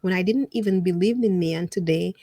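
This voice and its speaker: A woman guest on a casual interview podcast, telling her stories in an animated way, acting out what people said and laughing often. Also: on the low side, fairly quick, no echo. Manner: animated storyteller who acts out quotes and laughs often. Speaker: podcast guest and fellow podcast host.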